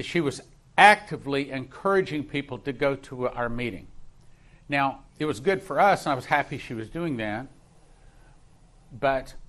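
A man's voice: mid-range voice, a bit bright. A man preaching as a pastor, telling a personal story with emphatic, repeated phrases. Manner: emphatic, rising in intensity, repeats words for stress.

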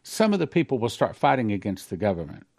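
A man pastor reading out a dream account and commenting on it in a sermon, slowing on key phrases and breaking into quick asides. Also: on the low side, big pitch swings, a little mellow, dry recording, clean studio sound. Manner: reads slowly, then comments in a quick aside.

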